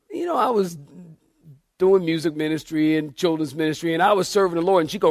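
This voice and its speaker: High-voiced pastor telling stories. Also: male voice, quick pace, no room sound, studio quality. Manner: animated storyteller, acts out quoted voices. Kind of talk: sermon storytelling. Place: church.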